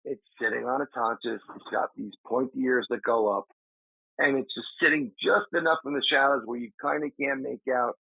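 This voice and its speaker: A man, a paranormal investigator, telling an animated story in a casual interview, acting out his friend's shouts. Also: mid-range voice, moderate pace, creaky, breathy edge, no echo. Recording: dry tinny remote call audio.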